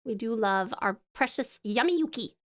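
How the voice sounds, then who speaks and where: Bubbly high-voiced Australian woman streamer. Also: lively intonation, normal speed. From Tasmania, Australia. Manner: bubbly and affectionate, swears freely, laughs often; chatty, rambling while sketching. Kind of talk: casual live-stream chat.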